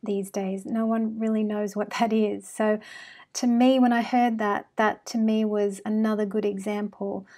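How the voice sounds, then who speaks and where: A woman's voice: mid-range voice, little pitch movement, unhurried. Chatty Australian woman astrologer. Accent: Australian with British and American traces. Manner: chatty and warm with frequent fillers. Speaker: astrology channel host. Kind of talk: casual monologue to camera.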